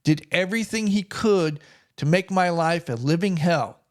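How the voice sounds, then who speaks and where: A man's voice: sits high, normal speed. A middle-aged man telling a personal story in a plainspoken, wry way. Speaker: vlogger.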